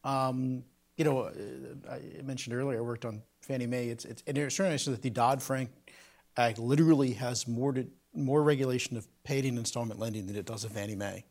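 A man moderating a panel discussion, posing questions in a measured way with the odd wry aside. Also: medium pitch, fairly even intonation, a little mellow.

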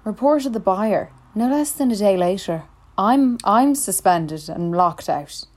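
A young woman, co-hosting a casual chat and telling a story in quick asides. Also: medium pitch, animated, a little mellow. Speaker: podcast co-host.

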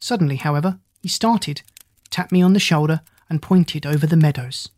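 An audiobook narrator reading a classic story in a steady, descriptive, formal manner. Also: mid-range voice, normal speed, no room sound.

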